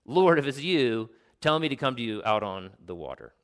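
A man voicing an impulsive adult male disciple, speaking in a hurried, urgent way. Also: medium pitch, sing-song, lightly acted. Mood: eager.

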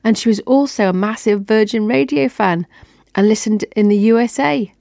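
A woman's voice: fairly high pitch, moderate pace, gravelly, darkish tone, dry recording, clean studio sound. A woman telling a personal story on her podcast in an upbeat, chatty way.

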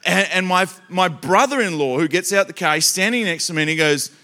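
An Australian man delivering a sermon with a fairly high, forceful voice. He tells funny stories in an animated rush and keeps asking the crowd direct questions. There is a bright, punchy edge to his delivery. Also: brisk. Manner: animated, joking, talks straight to the crowd. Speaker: preacher. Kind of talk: sermon with comic storytelling.

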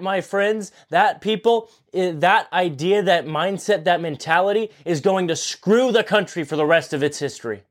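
A man's voice: high-pitched, moderate pace, hardly any pauses. A man in his twenties hosting his own podcast, giving an impassioned political monologue in an earnest, pleading way, repeating himself for emphasis. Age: 20s. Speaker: podcast host.

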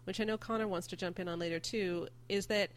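A woman's voice: mid-range voice, fairly even intonation, fast. A woman hosting a casual discussion podcast, earnestly reading listener comments aloud and responding to them. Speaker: host.

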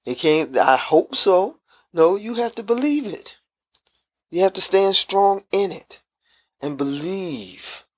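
A man preaching a devotional sermon, slow and emphatic, repeating key phrases. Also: a little high, breathy edge, no echo, dull audio.

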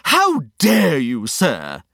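A pompous, grumpy old know-it-all huffs his words out slowly, as a woman puts him on. His pitch leaps and falls widely in this children's audio story. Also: huge pitch swings, a bit bright, no echo, clean studio sound, full character voice. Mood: huffy. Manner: pompous, huffy.

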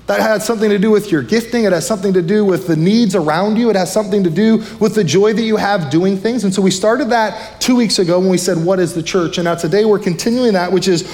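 A male pastor preaching a fired-up, fast-talking sermon to his church. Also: sits high, darkish tone, big-room sound. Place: church sanctuary.

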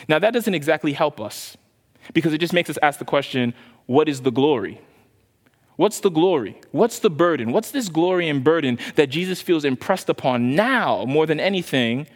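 A man preaches in a fairly high voice, moving between casual talk and animated questions to his listeners. His voice rings out in the long reverb of a large hall. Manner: conversational preaching, animated, asks repeated questions. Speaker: pastor. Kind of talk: sermon.

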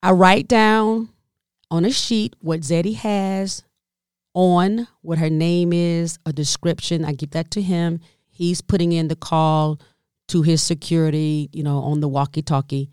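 A woman with a drawl tells a comedic story in an animated, exasperated way. Her voice leaps upward whenever she hits a punchline. The sound is dry and close, with little room echo. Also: a little slow, smooth. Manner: animated, exasperated, with sharp pitch jumps for emphasis.

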